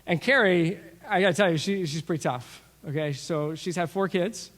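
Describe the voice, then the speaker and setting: Pastor guy telling stories in his sermon, voice a bit high, big hall echo. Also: normal speed. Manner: storytelling, animated with asides and acted-out quotes. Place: church sanctuary. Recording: long reverb of a large hall.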